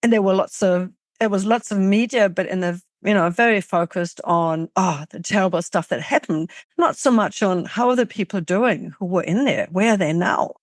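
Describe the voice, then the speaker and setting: A woman's voice: mid-range voice, moderate pace, few pauses, dry recording, studio quality. A middle-aged woman from Germany, a journalist guest speaking earnestly and thoughtfully in a podcast interview, often restarting her sentences.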